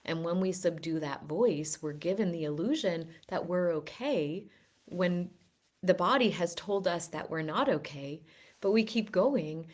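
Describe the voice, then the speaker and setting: A woman giving an earnest, gently persuasive wellness talk to her group, with frequent restarts. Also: deep voice. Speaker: wellness teacher. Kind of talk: reflective teaching talk.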